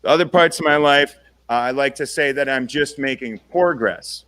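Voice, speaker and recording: Bright-voiced young man doing stand-up. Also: medium pitch, moderate pace, no echo. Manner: conversational, self-deprecating punchlines with tag-on "right?". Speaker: stand-up comedian. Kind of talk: stand-up set.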